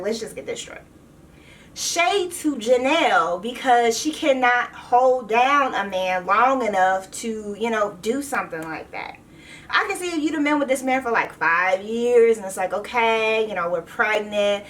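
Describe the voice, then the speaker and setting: A woman's voice: on the high side, a bit bright, recorded from a distance, slight background noise. A woman vlogger giving a blunt, sassy casual recap of a reality TV episode.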